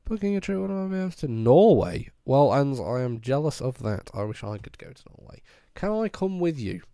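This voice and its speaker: A man's voice: mid-range voice, big pitch swings, brisk, warm tone, no room sound, clean studio sound. A young man streaming and chatting casually with his viewers, ill and with a voice that keeps cracking. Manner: chatty, laid-back, answers viewers one by one. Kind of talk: casual chat with live viewers.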